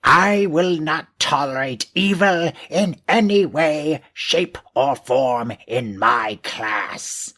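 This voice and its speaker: A man voicing a strict, disciplinarian nun teacher with a rich French accent, speaking in a slow, commanding way. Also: fairly high pitch, pushed and bright, heavily acted. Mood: stern.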